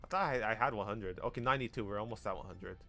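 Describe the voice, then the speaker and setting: A chatty, American-accented man from Korea streams a game, racing through casual commentary in a fairly low, bright, forceful voice with vocal fry. He answers chat, trails off and restarts, with faint music behind him.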